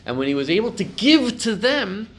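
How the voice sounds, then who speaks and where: A middle-aged man, a rabbi, giving a class to a live group, telling stories and building to loud emphatic peaks. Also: high-pitched, sing-song, normal speed, a little hiss or hum.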